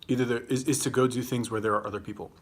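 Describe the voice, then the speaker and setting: A man's voice: medium pitch, fairly even intonation, rapid-fire. A young man with a Los Angeles accent hosting a casual livestream, rambling and swearing as he answers viewer comments while eating. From California. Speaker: livestream host.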